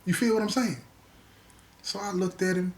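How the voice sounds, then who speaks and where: A man's voice: high-pitched, normal speed. A man telling a story about his past in a casual, slangy way, acting out what other people said. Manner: animated, slangy, acts out the other people's lines.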